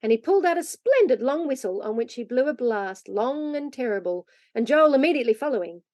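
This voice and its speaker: A woman reading a classic children's story aloud, lively and expressive. Her voice is fairly high. The recording is dry and close, with no room echo. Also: fairly quick. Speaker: reader.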